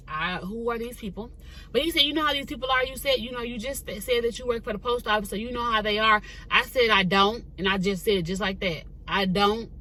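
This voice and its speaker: Young woman vlogger, bright and lively, recording storytime in her car. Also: mid-range voice, poor audio. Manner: chatty, animated, addresses viewers as "girl". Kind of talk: casual storytime chat. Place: parked car.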